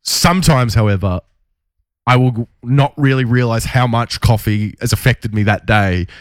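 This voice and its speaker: A man co-hosting a radio show, chatting casually and excitably, laughing often as he tells stories. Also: mid-range voice, moderate pace, dry recording, studio quality. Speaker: radio co-host. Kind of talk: casual chat.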